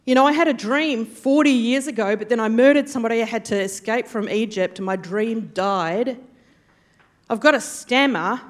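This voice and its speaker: A woman's voice: a little high, natural voice. A woman voicing a weary old man who pleads and runs himself down, told inside a sermon. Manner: pleading, self-deprecating.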